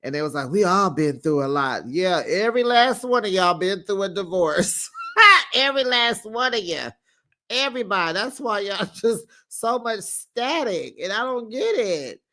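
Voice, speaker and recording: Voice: medium pitch, moderate pace. A reality TV recap host giving casual, sassy commentary, laughing often and putting on voices for quoted lines. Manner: sassy, animated, frequent laughter; slips into quoted voices while retelling scenes.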